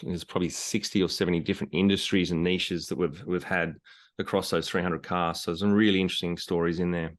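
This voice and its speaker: An Australian man speaking as a podcast guest over a remote call, relaxed and plain-spoken. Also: deep voice, quick pace. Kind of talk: casual podcast interview.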